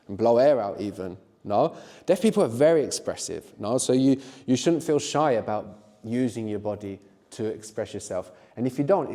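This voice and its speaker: A middle-aged man teaching a live workshop, encouraging the learners and often checking in with a quick "no?". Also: medium pitch, dark tone, in a large hall. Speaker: language teacher.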